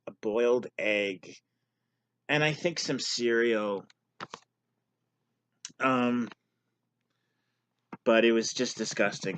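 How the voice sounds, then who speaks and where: A man's voice: mid-range voice, a bit bright, dry recording. A man casually telling a personal story on his vlog, candid and self-deprecating. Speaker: vlogger sharing his story.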